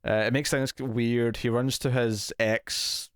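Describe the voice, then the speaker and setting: A man co-hosting a TV review podcast, chatting casually at a middle pitch. He rambles with fillers, restarts and easy laughs. The sound is dry and close, with no room sound. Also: flat delivery, slow, no echo. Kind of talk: casual chat.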